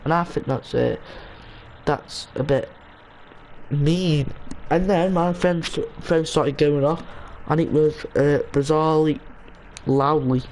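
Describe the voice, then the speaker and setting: A young man chats idly while streaming a game, drifting between half-finished thoughts and restarting his sentences. His voice sits a little high for a man. A faint hiss runs under the desk-mic sound. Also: steady tone, slow pace, long pauses, a little mellow, poor audio. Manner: rambling, many restarts and fillers. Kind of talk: casual gaming stream chat.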